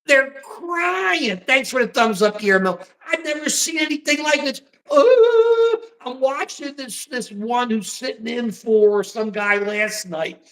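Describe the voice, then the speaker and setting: A man's voice: extremely high pitch, lively intonation, measured pace, fairly bright tone. A man from the United States hosting a casual political livestream, rambling and repeating himself with folksy slang. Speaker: livestream host.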